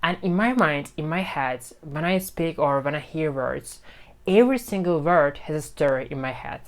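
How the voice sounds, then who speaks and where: A man's voice: on the high side, animated, moderate pace, a bit bright. Guy recording an english lesson on his phone, talks loose and repeats stuff with lots of okays. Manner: chatty, repeats phrases with lots of "okay?". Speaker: English-learning YouTuber. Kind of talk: casual teaching to camera. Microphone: phone camera.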